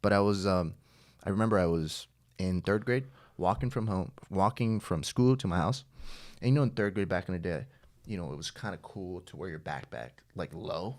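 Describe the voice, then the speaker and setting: A man, a podcast guest, telling an animated story in casual chat, swearing and laughing along the way. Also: deep voice, moderate pace.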